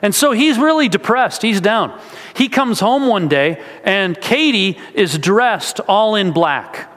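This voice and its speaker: A man's voice: high voice, lively intonation, slow, fairly bright tone. A man preaching a sermon, earnest and storytelling, with casual asides to the congregation. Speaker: pastor. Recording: echoey hall.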